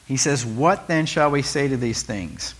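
A male pastor delivers a conversational sermon in a medium-pitched voice, speaking a little slowly. He preaches animatedly, shifting his tone often and putting rhetorical questions to his listeners.

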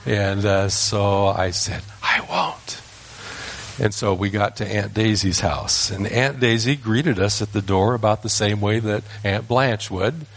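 An older man with a lowish voice tells a family story from his boyhood. He speaks in a folksy, unhurried way and sometimes pauses to correct himself mid-sentence. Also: fairly even intonation. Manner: folksy, unhurried, with small restarts. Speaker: grandfather telling a family story. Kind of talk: personal storytelling.

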